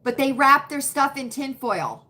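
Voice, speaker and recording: A woman with a high, bright voice chats live with her viewers from home on a computer webcam. She talks at an unhurried pace in a folksy way and likes to repeat her phrases for emphasis. It comes across as friendly small talk with the people watching. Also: animated. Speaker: livestream host. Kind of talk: casual live chat with viewers.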